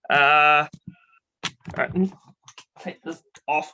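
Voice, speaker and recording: A man hosting a casual interview over a video call, unhurried and easygoing. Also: on the high side, fairly even intonation, sharp tone, highs cut off, slight background noise. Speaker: host.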